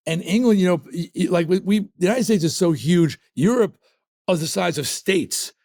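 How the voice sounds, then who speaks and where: Guesting on a casual interview, a New York–area rock singer shares stories at a moderate pace in a voice that sits high. His delivery is animated and full of emphasis.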